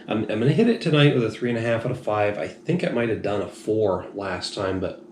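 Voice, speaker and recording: A man's voice: lowish voice, fairly quick, a little mellow. A man reviewing beer in a rambling, frank, self-deprecating way, a little tipsy. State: slightly tipsy. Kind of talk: casual review monologue. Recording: echoey room, faint noise.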